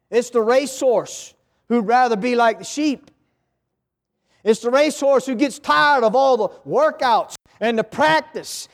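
A male preacher delivers a sermon from the pulpit, spinning animal parables and pausing to ask the congregation for an amen. His voice is very high for a man, and he speaks in an easy storytelling manner. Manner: call-and-response, storytelling. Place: church.

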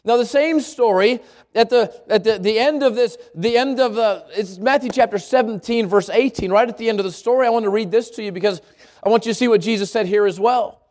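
High-voiced man preaching a sermon. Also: a little fast, a little mellow. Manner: repeats words while thinking, reads scripture in a lower voice; asks the congregation questions. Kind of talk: sermon with scripture reading.

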